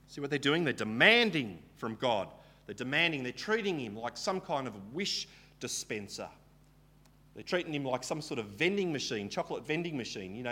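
A man's voice: mid-range voice, very animated, a little fast, bright, forceful tone, slightly rough. A man preaching a Bible teaching sermon, retelling the story casually and asking rhetorical questions.

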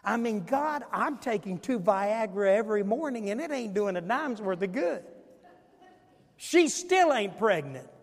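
A man's voice: high-pitched, lively intonation, measured pace, big-room sound, exaggerated voice. A preacher acting out an elderly man in his eighties who pleads with God in confusion. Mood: exasperated.

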